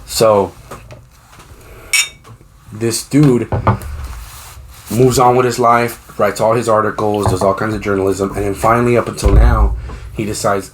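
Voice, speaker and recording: Male podcast host, low-pitched, loose profane storyteller who acts out quotes. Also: flat delivery, measured pace, pauses often, background noise. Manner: rambling, profane storytelling with lots of fillers; acts out quoted voices while retelling. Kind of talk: casual chat.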